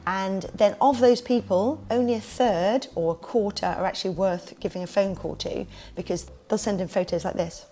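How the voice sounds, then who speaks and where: A woman in a relaxed podcast interview, talking about her kids party business at an ordinary middle pitch. She tells her stories in a lively way and slips into the voices of the people she quotes. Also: moderate pace, hardly any pauses. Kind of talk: casual interview storytelling.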